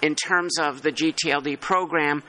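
A man chairing a working group meeting, talking in halting, thinking-aloud phrases with many restarts. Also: fairly high pitch, steady tone, bright, forceful tone, low-quality recording. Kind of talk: meeting discussion.

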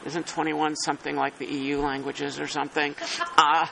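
A man chairing a working group meeting, talking in halting, thinking-aloud phrases with many restarts. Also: on the high side, completely flat delivery, creaky, bright, forceful tone, a little hiss or hum, rough recording. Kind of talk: meeting discussion.

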